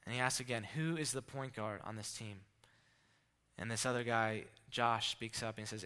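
Male preacher, young adult, bright voice, lively storyteller who acts out quotes. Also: mid-range voice, moderate pace, clear, resonant tone. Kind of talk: sermon storytelling.

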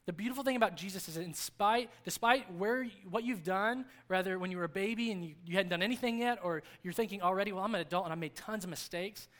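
A man's voice: high voice, fast, hardly any pauses, fairly bright tone. A man in his thirties preaching a sermon at a church service, talking conversationally and earnestly, repeating key phrases for emphasis. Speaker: pastor.

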